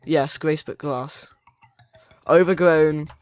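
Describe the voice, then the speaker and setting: A man's voice: fairly high pitch, steady tone, slow pace, clean tone. A young American man streaming a game-building session, chatting with viewers in a rambling, playful way. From United States. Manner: rambling and playful, reads chat aloud. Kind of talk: casual chat with live viewers.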